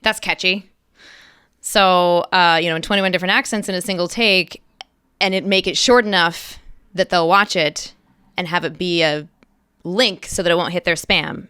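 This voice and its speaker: A middle-aged woman, an actress, chatting as an interview guest and telling animated stories with lively quoted bursts. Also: fairly low pitch, moderate pace, smooth, no room sound, studio quality. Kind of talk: casual interview chat.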